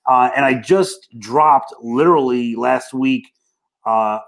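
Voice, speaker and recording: A man with a Brooklyn accent chats easily as an interview guest. His talk is plain-spoken and relaxed, mid-pitched, with a few fillers as he explains things. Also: takes it slowly, vocal fry. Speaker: franchise consultant guest. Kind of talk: casual interview chat.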